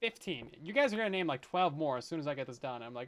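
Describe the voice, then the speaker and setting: Chatty, jokey man with a higher voice. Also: big pitch swings, quick pace, fairly bright tone. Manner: joking, self-deprecating, laughs often; rambling, chatty asides. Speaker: Minecraft streamer. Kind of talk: casual let's-play chat with viewers.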